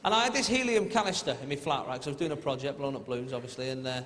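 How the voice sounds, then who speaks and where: A man's voice: mid-range voice, rapid-fire, a little hiss or hum. A man doing live stand-up comedy on a theatre stage, telling chatty stories and tagging his lines with "right?". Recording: theatre reverb with loud audience laughter.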